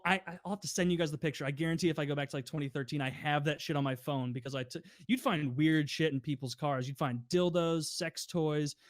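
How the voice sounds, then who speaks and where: Young adult male podcast co-host, animated storyteller, slightly higher pitch, dry close-mic sound. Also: quick pace, few pauses, no echo. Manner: animated, swearing, acts out quoted customers. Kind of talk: casual storytelling.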